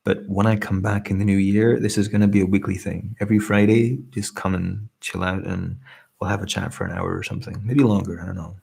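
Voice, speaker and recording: Deep gravelly man, soft Scottish lilt. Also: fairly even intonation. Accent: softened Scottish. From Scotland. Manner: earnest, grateful, reading out chat comments between pauses. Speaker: ASMR creator hosting a live stream. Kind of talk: soft-spoken live stream chat.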